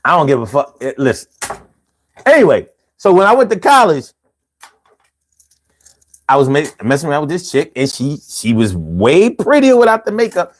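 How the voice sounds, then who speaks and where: A man telling a personal story in a casual vlog monologue. He talks in a profane, slangy and animated way and often mocks himself. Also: on the high side, moderate pace, long pauses. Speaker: vlogger.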